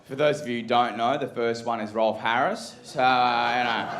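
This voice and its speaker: Western Australian man, stand-up comic, mid pitch, dry delivery, echoey club, noisy background. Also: fairly even intonation, moderate pace, few pauses. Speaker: stand-up comedian. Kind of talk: live stand-up set. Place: comedy club stage. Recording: echoey room with loud ambience.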